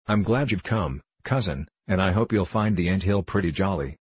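A man's voice: deep voice, lively intonation, normal speed, slightly rough, dry recording. A man voicing a bold, cheerful teenage boy who leads his cousins, in a storybook reading. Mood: friendly.

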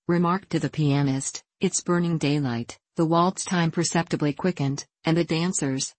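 A woman narrating an audiobook in a steady, measured reading voice. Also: low voice, no echo. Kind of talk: scripted narration.

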